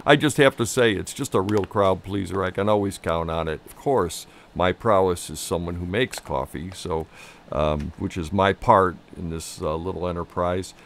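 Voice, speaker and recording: A man with a Chicago accent chats loosely about coffee as co-host. His voice sits a little low, and he rambles with plenty of fillers and easy laughs. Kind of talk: casual tasting chat.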